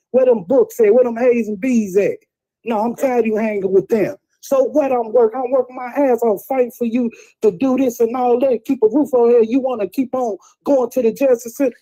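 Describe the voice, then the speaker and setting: A man's voice: very high voice, dark tone, poor audio. A middle-aged man, talking casually on a talk show, telling blunt, preachy stories about tough parenting. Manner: streetwise storytelling, blunt and preachy.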